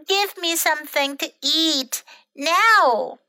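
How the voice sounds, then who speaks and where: A woman's voice: sits high, lively intonation, sharp tone, no room sound, heavily acted. A woman voicing a cranky, hungry little bird in a bilingual children's storybook reading, whiny and demanding. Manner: whiny, drawn-out complaints.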